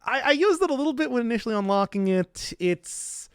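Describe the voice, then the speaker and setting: A man with a very high-pitched, animated voice talks a little fast while streaming a video game, chatting casually and answering chat. He's jokey and rambling, interrupting himself with restarts. His tone is clean, in a clean studio recording with no room sound.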